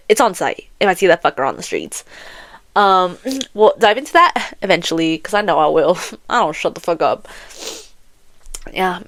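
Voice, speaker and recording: A woman's voice: mid-range voice, fairly bright tone. A young woman hosting a solo podcast, venting in a heated, profane, repetitive way and breaking into laughs. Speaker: podcast host.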